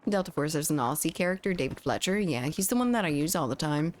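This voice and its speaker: A young American gaming streamer talks at a quick pace in a low, expressive voice, using a studio condenser mic at home. Chatty and giggly, she reads messages from chat aloud and laughs often.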